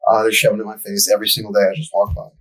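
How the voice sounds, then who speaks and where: A man's voice: on the low side, flat delivery, very fast, a bit bright, slightly rough, rough recording. A young man telling a profane, ranting story as a podcast co-host in casual chat. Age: young adult.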